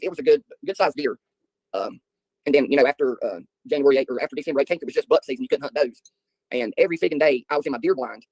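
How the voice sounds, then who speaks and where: A man's voice: on the high side, darkish tone, no echo. A middle-aged man telling rambling, folksy stories to viewers on a casual livestream, often chuckling. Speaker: livestream host. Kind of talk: casual storytelling chat with viewers.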